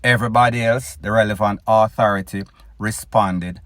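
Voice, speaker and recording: A man's voice: lowish voice, fairly even intonation, normal speed, fairly bright tone, no room sound. A man with a Jamaican accent hosting his own news commentary show, opinionated and addressing his listeners directly. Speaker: news blogger host.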